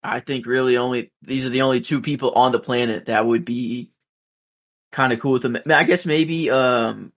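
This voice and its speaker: A man co-hosting a podcast, joining the discussion in a halting, hesitant way. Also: mid-range voice, steady tone, a bit bright. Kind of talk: casual episode discussion.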